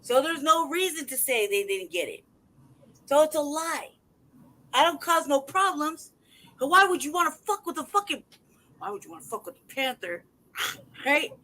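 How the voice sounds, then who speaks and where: A man's voice: extremely high pitch, sing-song, moderate pace, pauses often, pushed and bright, rough recording. A man hosting a casual livestream who talks in a heated, profane way and reads paperwork aloud in a mocking tone. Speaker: livestream host.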